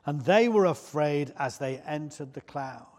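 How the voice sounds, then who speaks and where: A man's voice: a little high, animated, a little slow, darkish tone. A man preaching a sermon in church, conversational and often putting questions to the congregation.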